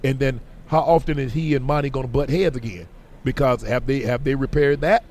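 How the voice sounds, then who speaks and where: A middle-aged man talks sports on the radio with emphatic, animated conviction. His voice is wearing hoarse after hours of talking. A faint background hum sits behind him. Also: mid-range voice, a little fast. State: voice getting hoarse. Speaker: guest, former football player.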